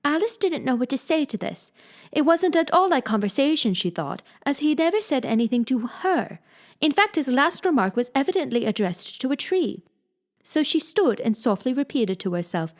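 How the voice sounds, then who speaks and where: A woman reads a children's classic aloud for an audiobook. her narration is gentle and even, and she keeps a steady, easy storytelling pace between the characters' lines. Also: a little high, moderate pace.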